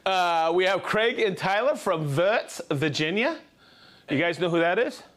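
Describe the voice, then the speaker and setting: Male live-show host, playful and energetic, high and animated voice. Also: measured pace. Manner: energetic, playful, reading out viewer names. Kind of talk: live show shout-outs.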